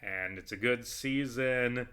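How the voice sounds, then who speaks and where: A man with a bright, forceful voice gives loose, rambling commentary while he plays a video game. He swears a lot and drifts from easygoing chat into fired-up rants. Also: medium pitch, slow pace. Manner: rambling, profane, swings into heated ranting. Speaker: vlogger playing a video game. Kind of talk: casual gameplay commentary.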